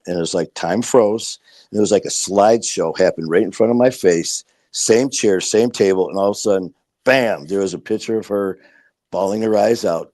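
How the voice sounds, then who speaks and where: A man's voice: low-pitched, mellow, no room sound. A middle-aged man from Detroit, a podcast guest telling his story with blunt, emphatic, profane candor. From Detroit, USA. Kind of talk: candid podcast conversation.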